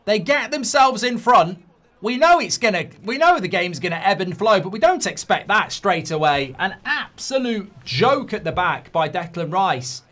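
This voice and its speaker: A middle-aged man hosting a live football watchalong, reacting to the match. He swings between muttered analysis and loud outbursts. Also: high-pitched, normal speed. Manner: excitable, swings from muttering to shouting.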